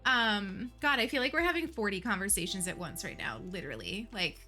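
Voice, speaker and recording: A woman hosting a livestream, chatting casually and warmly with her viewers, emotional and laughing often. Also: mid-range voice, animated, brisk, soft background music. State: emotional, near tears. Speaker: livestream host.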